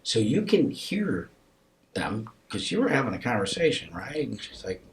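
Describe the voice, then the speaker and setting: A man on a podcast telling a personal story in a casual interview, animatedly acting out both sides of the dialogue and dropping to a soft, hushed voice at tender moments. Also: medium pitch, big pitch swings, normal speed, slight background noise. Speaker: podcast guest.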